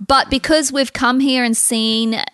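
A woman's voice: sits high, fairly even intonation, a little slow, a bit bright, clean tone, dry recording. A woman from New Zealand, co-hosting a podcast in casual, emphatic chat, with a faintly American-tinged New Zealand accent. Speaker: podcast co-host.

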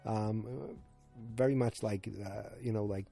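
Deep dark-voiced guy rambling thru a tv recap, lots of ums. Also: very animated, measured pace, creaky, soft background music. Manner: rambling, full of fillers and restarts. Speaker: TV episode recapper.

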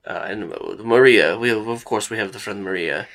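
A young man with a fairly low voice narrating a tabletop role-playing session as game master. He describes scenes in a relaxed, conversational way, padding his sentences with "like" and "uh". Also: moderate pace. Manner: casual, lots of "like" and "uh" fillers.

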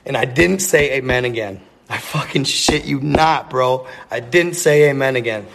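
A man's voice: medium pitch, moderate pace, creaky, background noise. A man telling a rambling, profane story in a casual, earnest way, full of slang and repeats. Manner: earnest, intense.

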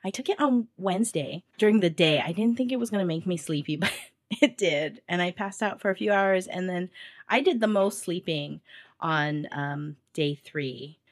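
A woman co-hosting a podcast in casual chat, telling stories in an animated, chatty way, slightly stuffy-nosed. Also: lowish voice, normal speed, no room sound, studio quality. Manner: chatty, animated storytelling with laughs. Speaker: podcast co-host.

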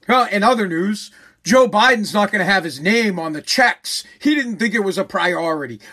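A man hosting a podcast, ranting angrily, yelling and swearing, hammering on his points with repeated phrases. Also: high-pitched, normal speed. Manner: yelling, profane, aggressive; repetitive, emphatic phrasing. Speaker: podcast host. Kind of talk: angry podcast rant.

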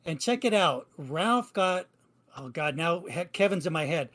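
A man's voice: fairly high pitch, lively intonation, a little slow, fairly bright tone. A man hosting a podcast, introducing old radio clips in casual, chatty talk with easy laughter. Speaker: podcast host.

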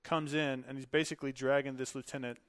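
A man's voice: medium pitch, flat delivery, fast talker, fairly bright tone, no echo. A man in his thirties, a podcast guest, telling stories casually, laughing often and acting out the dialogue. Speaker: podcast guest, Air Force veteran. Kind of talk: casual storytelling.

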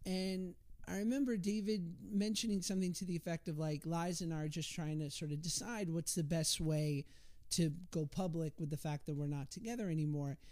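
A man's voice: a little high, fairly even intonation, fairly quick, darkish tone, no room sound. A man in his thirties telling stories as a podcast guest, chatty and self-deprecating, with many restarts. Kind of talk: casual storytelling on a podcast.

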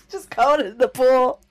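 A young woman hosting a podcast, chatting crudely and teasing, quick to laugh. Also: high-pitched, a little mellow. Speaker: podcast host. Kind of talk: casual chat.

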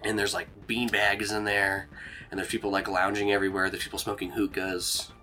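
A man's voice: on the low side, brisk, soft background music. A man narrating as game master, rambling with lots of fillers. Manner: rambling, filler-heavy, relaxed.

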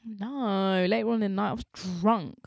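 A woman's voice: medium pitch, fairly even intonation, normal speed, gravelly, a little mellow, no echo. A woman co-hosting a podcast in casual chat, telling her stories expressively and dramatically. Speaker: podcast co-host.

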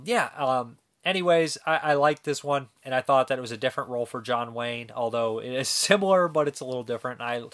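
Man host, relaxed unscripted film review, rambling and chatty, mid-range voice. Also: mid-range voice. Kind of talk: casual spoken film review.

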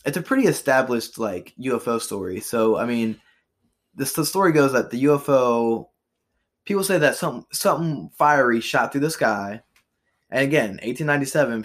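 A young man hosting a podcast, chatting loosely about history trivia with frequent fillers and profanity. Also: mid-range voice. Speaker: podcast host.

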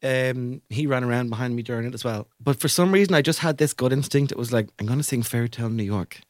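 Here is a young Irish comedian talking at a breakneck pace on a dry, close mic. He tells his anecdotes with a lively rush of restarts and asides. His voice sits at an ordinary male pitch. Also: dry recording. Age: young adult. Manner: rapid, animated anecdote-telling with restarts. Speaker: podcast co-host, comedian. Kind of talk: casual chat, storytelling.

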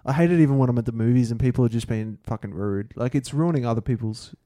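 A man's voice: mid-range voice, quick pace, mellow, no room sound, clean studio sound. A man, co-hosting a casual podcast, laid-back with short reactions and frequent laughs. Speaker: podcast co-host.

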